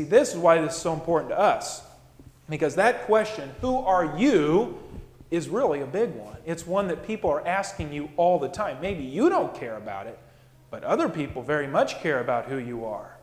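A man's voice: a little high, big pitch swings, moderate pace. A male pastor giving a conversational sermon to his congregation and acting out quoted voices. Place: church sanctuary. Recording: echoey hall.

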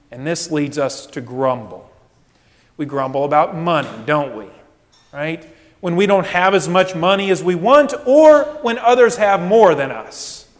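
A male pastor delivers a sermon in a high, light voice, taking his time over every phrase. He swings from loud, pointed quoted complaints to hushed, low asides. His voice rings out with a long reverb tail, as in a large church hall.

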